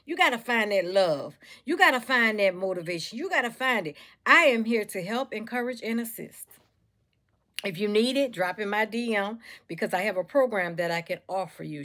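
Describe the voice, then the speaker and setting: A woman's voice: medium pitch, expressive, normal speed, fairly bright tone. A woman motivational speaker, talking to camera in a preachy, repetitive way and calling listeners baby and y'all.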